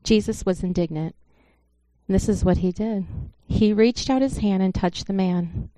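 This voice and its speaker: A woman's voice: medium pitch, measured pace, mellow, no room sound. A woman giving an informal sermon, talking in an earnest, conversational way and telling a story to the congregation. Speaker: church speaker.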